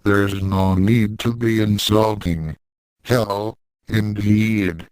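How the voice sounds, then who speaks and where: A man's voice: fairly low pitch, fairly even intonation, very slow, a little mellow, clear, resonant tone, no echo, poor audio. A man voicing a smug invisible talking cat. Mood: aloof. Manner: condescending, dry and mocking. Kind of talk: audiobook reading of fan fiction.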